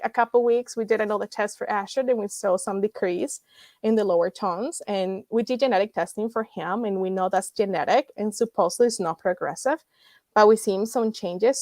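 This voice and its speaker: Animated woman telling her story, dry sound. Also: medium pitch, no echo. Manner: animated, acts out dialogue, laughs often. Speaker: guest, nonprofit founder. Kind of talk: emotional storytelling in conversation.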